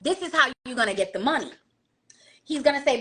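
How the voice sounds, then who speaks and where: A woman's voice: high voice, animated, a little fast, pushed and bright. A woman giving blunt dating advice in a casual monologue, lecturing and asking rhetorical questions.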